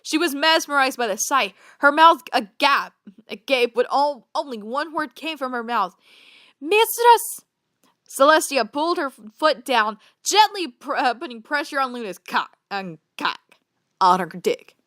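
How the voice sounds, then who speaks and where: High bright woman reading aloud, stumbling. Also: animated, normal speed, dry recording, studio quality. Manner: stumbles over words, bursts of disbelieving laughter. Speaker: fanfiction reader. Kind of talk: comedic read-aloud with reactions.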